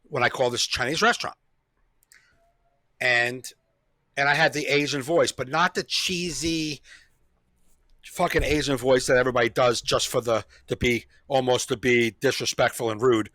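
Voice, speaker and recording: Male podcast host, comedian, bright edge, dry close sound, profane storyteller. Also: mid-range voice, steady tone, normal speed, pauses often, dry recording. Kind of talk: casual chat.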